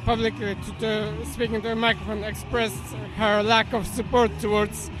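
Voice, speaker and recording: A man in a street interview at a parade, talking in a halting way with many fillers. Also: sits high, little pitch movement, crowd noise, poor audio. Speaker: parade attendee. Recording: street with loud music behind. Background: music.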